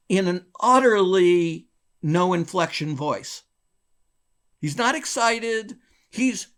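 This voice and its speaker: A man being interviewed, a former bank regulator telling a long story in a lively, chuckling way with wide swings in his voice. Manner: animated, wide pitch swings, chuckles between phrases.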